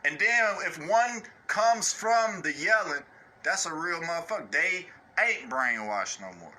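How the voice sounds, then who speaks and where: A man's voice: animated, unhurried, pushed and bright. A man delivering an unscripted rant in a blunt, profane way, constantly asking "you know what I'm saying". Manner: mocks others in high put-on voices. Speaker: online ranter.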